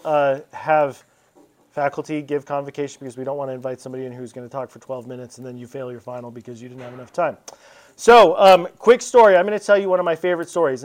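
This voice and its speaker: A man in his thirties from Colorado, giving a casual, animated storytelling talk as convocation speaker. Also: fairly high pitch. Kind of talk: storytelling speech.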